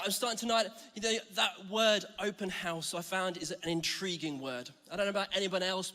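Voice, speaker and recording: A man's voice: a little high, pushed and bright. A man from Scotland giving a chatty, self-mocking sermon as a church preacher. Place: large church hall. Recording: reverberant church hall.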